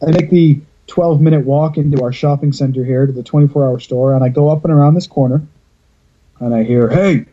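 Dark husky man on a lo-fi call. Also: medium pitch, steady tone, a little fast. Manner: rambling storyteller, swears freely. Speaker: podcast host. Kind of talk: casual podcast chat. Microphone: video call.

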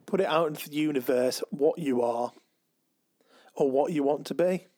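A man co-hosting a podcast in casual chat, talking slowly with many ums and restarts. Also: fairly high pitch, dark tone. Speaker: podcast co-host.

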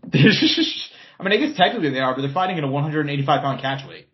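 A man's voice: on the high side, lively intonation, quick pace, lo-fi sound. A man co-hosting a podcast in casual chat, swearing often and repeating words as he thinks. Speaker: podcast co-host. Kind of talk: casual chat about boxing.

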